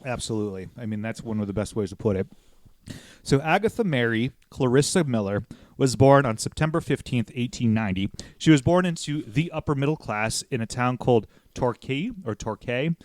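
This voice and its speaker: Rambling, joking American podcast host. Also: male voice, medium pitch, expressive, brisk, a little mellow, no echo. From United States. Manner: rambling, joking, swears casually. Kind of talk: casual podcast chat.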